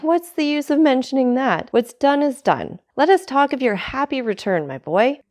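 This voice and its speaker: A woman's voice: high-pitched, very animated, normal speed, darkish tone, voice pushed up. A woman reading aloud, voicing a greedy, fawning young male tailor who talks in a hearty, ingratiating way, in a storybook.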